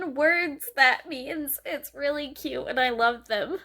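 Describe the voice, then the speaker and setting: A woman's voice: high voice, slow pace, hardly any pauses, bright, forceful tone. A young woman vlogging casually about a book she is reading, gushing and emotional, laughing often.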